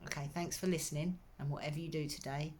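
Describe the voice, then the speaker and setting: Low-voiced woman giving earnest advice. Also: fairly even intonation, quick pace, mellow, slight background noise. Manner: earnest, encouraging, speaks straight to the listener. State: slight throat irritation. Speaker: wellbeing coach. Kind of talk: direct-to-camera advice talk.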